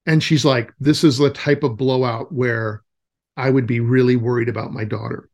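A man's voice: mid-range voice, steady tone, normal speed, gravelly, darkish tone. A man in his forties, a nature camp director, telling stories as a guest in a casual interview, with lots of fillers and restarts. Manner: rambling storytelling with many fillers and restarts.

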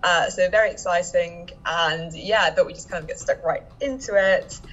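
A woman's voice: on the low side, normal speed, a bit bright. A woman hosting a podcast, interviewing a guest over a video call in a casual, chatty way with fillers. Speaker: podcast host. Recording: dull, lo-fi call audio with faint noise.

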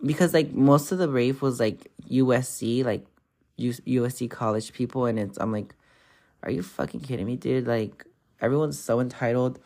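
A young woman vlogger tells stories casually and ramblingly, swearing freely and packing her talk with constant "like"s as filler. Her voice is bass-low with a darkish tone.

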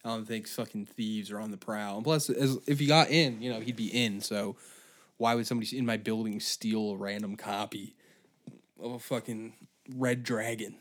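A man's voice: on the low side, fairly even intonation, normal speed. A young man hosting a comedy podcast, ranting in an exasperated, profane way. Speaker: podcast host. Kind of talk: comedic solo rant.

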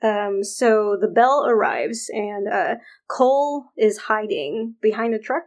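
A woman co-host talks through a show's plot in a relaxed, unhurried recap. She has a middle-range voice and leans on fillers as she pieces the story together. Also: mid-range voice, low-quality recording. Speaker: podcast co-host recapping a TV episode. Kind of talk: casual chat.

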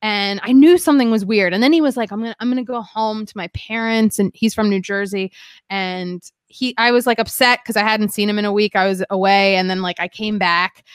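A woman's voice: mid-range voice, brisk, clear, resonant tone, dry recording. A young woman candidly telling a painful personal story as a guest, rambling with lots of "like" and shifting emotion. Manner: rambling, heavy use of "like", emotional.

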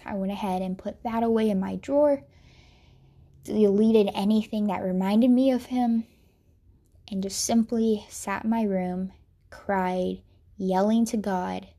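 A young woman earnestly telling a personal faith story, sorrowful and reflective, sometimes dropping to a soft whisper. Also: mid-range voice. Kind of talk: personal testimony monologue.

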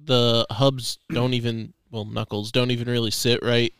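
A blunt mechanic on a shop podcast, speaking plainly. His voice is smooth and resonant, close and dry. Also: mid-range voice, flat delivery, normal speed, a bit bright, no echo. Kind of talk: casual podcast chat.

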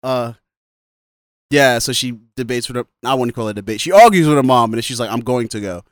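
A man's voice: mid-range voice, quick pace, clear, resonant tone, no echo, clean studio sound. A man casually recapping a film on a podcast, laughing often and quoting the characters as he goes. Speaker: podcast co-host. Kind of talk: casual movie recap chat.

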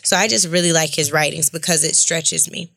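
Woman cohosting a podcast, teasing, quick banter, dry close sound. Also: low voice, steady tone, vocal fry, bright, forceful tone, no room sound. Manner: teasing, quick back-and-forth. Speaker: podcast co-host. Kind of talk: casual chat.

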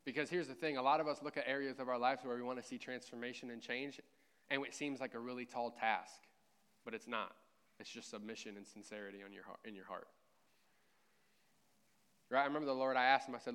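Smooth-voiced man preaching casually. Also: medium pitch, fairly even intonation, fast talker, fairly bright tone. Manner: conversational, self-deprecating humor, frequent asides. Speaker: pastor. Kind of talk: sermon.

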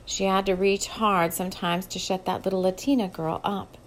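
Steady woman narrating a story. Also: medium pitch, normal speed, slight background noise. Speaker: audiobook narrator. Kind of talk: scripted narration.

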